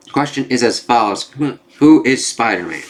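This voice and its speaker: A man's voice: mid-range voice, expressive, normal speed. A young man talking casually in a rambling video review, swearing freely and filling gaps with "like". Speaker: comic book reviewer.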